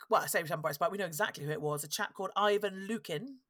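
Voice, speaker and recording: Her voice is on the low side yet a bit bright, and she talks fast, captured in clean studio sound with no room noise. As a podcast host, she spins a history story in casual chat, wry and chatty, repeatedly cutting herself off and restarting.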